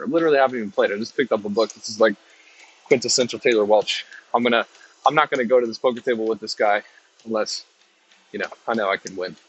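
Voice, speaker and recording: Male podcast host, low husky voice, rambling casual motivational talk, dull lo-fi sound. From American South. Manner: loose, rambling, with many restarts and fillers. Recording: dull lo-fi recording.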